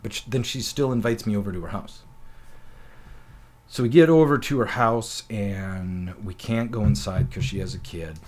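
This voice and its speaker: A man from North Dakota hosting a talk show, telling comic stories in an animated, profane way and acting out quotes. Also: fairly low pitch, normal speed. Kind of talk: comedic storytelling.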